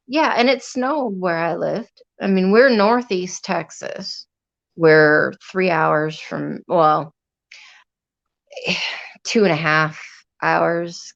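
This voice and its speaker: A woman with a lowish voice hosts a casual livestream chat. She rambles from one thought to the next and swears freely. The recording sounds dull and lo-fi. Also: vocal fry. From Upper Peninsula of Michigan. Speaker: livestream host.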